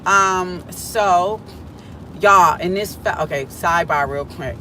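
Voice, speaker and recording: Excitable woman vlogging live from a car. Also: on the low side, takes it slowly. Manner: casual, excitable, chatty slang. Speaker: prophetic content creator. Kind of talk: live prophetic vlog chat. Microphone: phone on a stand. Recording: car road noise behind.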